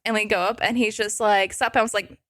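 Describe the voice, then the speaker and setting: A woman's voice: mid-range voice, steady tone, a little fast, fairly bright tone. A woman guest on a podcast, telling stories in casual chat with lots of filler words and frequent laughter.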